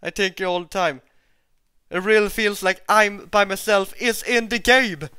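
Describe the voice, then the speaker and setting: Excitable gameplay commentator, dry close sound. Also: mid-range voice, measured pace, clear, resonant tone, no room sound. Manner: excitable, repeats exclamations, talks to viewers. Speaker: gameplay video host.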